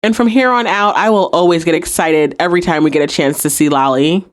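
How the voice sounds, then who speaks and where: A woman with a lowish voice hosts a podcast, talking fairly quickly as she recaps and reviews a TV episode. She acts out the lines she quotes.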